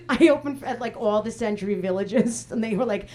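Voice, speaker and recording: A woman's voice: fairly high pitch, moderate pace. A woman comedian doing brash, teasing, profane crowd work on a club stage, talking into a handheld mic. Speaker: stand-up comedian. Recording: live show with loud crowd noise.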